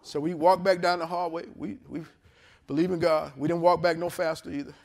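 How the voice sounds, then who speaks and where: High-pitched, animated preacher. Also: male voice, a little fast, gravelly. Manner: storytelling sermon with animated character voices and laughter. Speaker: pastor. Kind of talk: sermon. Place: church service in a hotel venue. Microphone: handheld or lapel mic.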